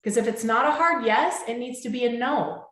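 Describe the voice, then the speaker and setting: Woman host, heartfelt motivational talk, slightly high pitch, roomy echo. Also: normal speed. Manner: warm, heartfelt, repeatedly checks in with listeners. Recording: echoey room.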